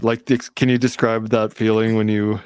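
A man hosting a podcast, asking his guest questions in a relaxed, curious way. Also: lowish voice, moderate pace, smooth. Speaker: podcast host. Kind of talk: casual interview chat.

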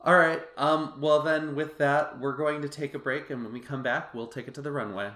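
Male podcast host, casual, bright forceful tone, roomy echoey sound. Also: fairly high pitch, fairly even intonation, moderate pace. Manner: chatty, lots of "like" and "um" fillers. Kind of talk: casual chat. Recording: roomy echo.

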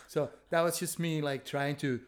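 A man's voice: fairly high pitch, steady tone, normal speed. A man chatting candidly on a podcast about his dating life, laughing often as he rambles through stories. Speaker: podcast guest, stand-up comedian. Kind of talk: casual chat. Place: Berlin.

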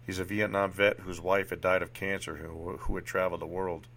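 A man's voice: low-pitched, level tone, brisk, fairly bright tone. A man reading his personal memoir aloud in a candid, reflective way, with occasional restarts.

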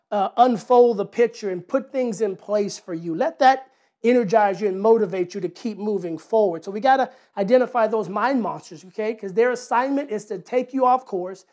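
Animated storytelling preacher, a man. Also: high voice. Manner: animated, conversational, repeats words, asks rhetorical questions. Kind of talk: sermon with personal storytelling.

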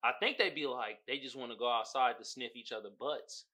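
A man hosting a podcast, talking in a casual, slangy and profane way, animated and quick to laugh. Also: medium pitch. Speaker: podcast host.

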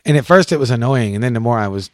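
A man hosting a casual chat in a friend's garage, animated and joking, swearing freely. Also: medium pitch, rapid-fire, dry recording, studio quality. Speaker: host.

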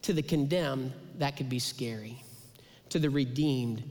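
A man preaching a sermon as pastor, passionate, swinging from bold declarations to hushed, whispered asides. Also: a little slow. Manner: impassioned preaching with dramatic pitch drops and whispered asides. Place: large church sanctuary. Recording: long hall reverb.

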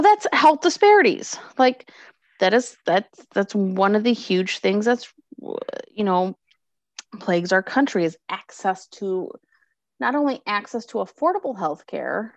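A woman's voice: medium pitch, normal speed, no room sound, muffled recording. A woman in her thirties co-hosting a podcast, ranting with lots of swearing in a fired-up casual chat. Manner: animated, profane, fired-up ranting. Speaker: podcast co-host.

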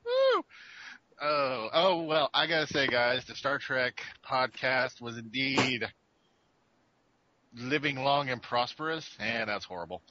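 A man's voice: medium pitch, unhurried, sharp tone, dull audio, a little hiss or hum. A man co-hosting a podcast, joking and laughing between his lines. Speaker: podcast co-host. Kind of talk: casual chat.

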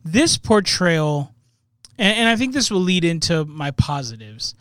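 A man's voice: a little high, sing-song, measured pace, fairly bright tone, dry recording, clean studio sound. A man co-hosting a casual movie review podcast, rambling and often tagging his points with "right?". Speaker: podcast co-host.

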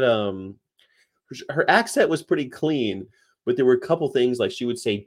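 A man from the United States, with a mid-range voice, animated delivery and moderate pace, hosts a casual livestream chat. He rambles and laughs often while reading comments and mimicking regional accents.

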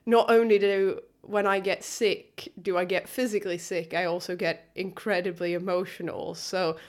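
A woman's voice: lowish voice, steady tone, normal speed. Swedish woman co-hosting a podcast. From Sweden. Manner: chatty, with frequent fillers. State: recovering from a cold. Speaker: podcast co-host. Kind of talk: casual chat. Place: home flat.

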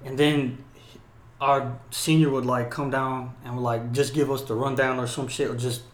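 A young man co-hosting a podcast, telling profane, animated stories in casual chat and acting out yelling drill instructors. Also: mid-range voice, normal speed, echoey room. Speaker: podcast co-host.

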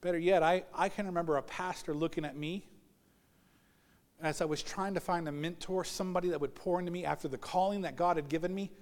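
A man's voice: on the high side, fairly even intonation, fast, in a large hall. A man preaching a sermon as pastor, telling personal stories and acting out the voices of people he quotes. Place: church sanctuary.

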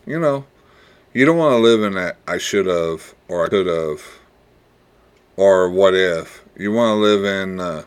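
A man hosting his own podcast, talking in a reflective, rambling way with pauses and repeats, earnest and fatherly, and ending with blessings. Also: deep voice, clear, resonant tone. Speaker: podcast host. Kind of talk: casual solo podcast monologue.

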